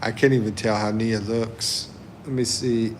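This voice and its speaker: A man hosting a livestream, reading chat comments aloud and chuckling often in a relaxed way. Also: lowish voice, unhurried, a little hiss or hum. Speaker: livestream host.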